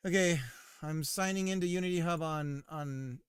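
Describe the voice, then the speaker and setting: A man's voice: a little high, normal speed, clean tone, no room sound, studio quality. A man streaming live while working on his game, chatting casually and teasing his viewers. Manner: joking, teasing his chat.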